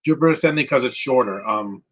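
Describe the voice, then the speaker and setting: Rambling through casual live movie commentary, a man fires off quick opinions in reply to viewers' questions. His mid-range voice is a bit bright with a breathy edge, and the recording quality is low.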